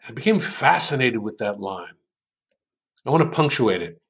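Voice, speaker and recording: Brief: man from New York, guest in an interview, unhurried speaker who muses aloud with frequent fillers, mid-pitched voice. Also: very animated, a bit bright. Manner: unhurried storytelling with many ums. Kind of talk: interview conversation.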